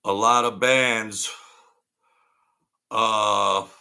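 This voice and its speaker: A man's voice: lowish voice, steady tone, very slow, pushed and bright. A man hosting a casual livestream, telling meandering stories that trail off and restart. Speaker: livestream host. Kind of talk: rambling casual storytelling.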